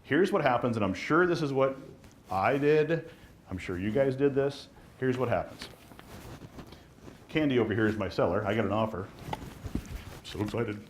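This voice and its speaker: A man teaching a live real estate marketing class, fast and animated, acting out dialogue with clients and agents. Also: medium pitch, a little hiss or hum.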